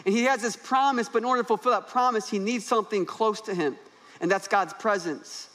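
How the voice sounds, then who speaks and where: Young male pastor, high-pitched, energetic, humorous preacher on stage. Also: brisk. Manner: animated, humorous preaching with rising emphasis. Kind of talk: sermon. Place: church stage.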